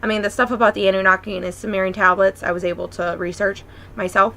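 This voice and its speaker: A woman's voice: medium pitch, fairly even intonation, fast, gravelly, pushed and bright, a little hiss or hum, rough recording. A young woman vlogger earnestly recounting a dream in a rambling, casual monologue full of fillers. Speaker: spiritual vlogger.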